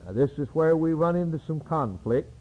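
A male preacher delivering a dramatic, solemn sermon in a husky voice that rises and falls widely. He speaks slowly, and the recording is dull and lo-fi. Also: a little high, lively intonation.

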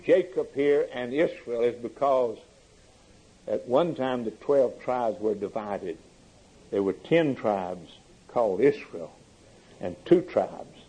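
A man's voice: medium pitch, slow pace, warm tone, husky, low-quality recording. A man preaching a sermon in an earnest way, his voice rising sharply for emphasis.

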